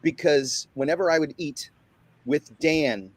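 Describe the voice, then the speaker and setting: A man's voice: fairly high pitch, measured pace. A man telling a rambling, profane story as a guest on a panel chat. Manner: rambling, profane, animated retelling.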